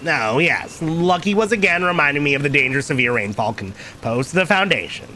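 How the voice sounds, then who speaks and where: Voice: medium pitch, expressive, brisk, sharp tone, slight background noise. A streamer voicing a polite, formal male artist with a put-on German accent. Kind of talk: game dialogue read aloud.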